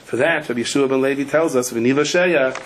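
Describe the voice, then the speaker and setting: A man preaching as a rabbi, telling stories in an animated way and acting out the people in them. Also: medium pitch, fast talker, creaky, a little hiss or hum. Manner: animated storyteller, acts out the people in his stories. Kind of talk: sermon with storytelling.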